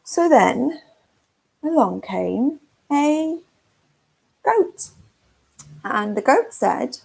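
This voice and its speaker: Woman, children's nature-group leader; gentle sing-song story reading for toddlers, slightly high, gravelly and husky. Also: animated, very slow, pauses often, rough recording. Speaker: forest school leader. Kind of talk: reading a picture book to toddlers. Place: at home.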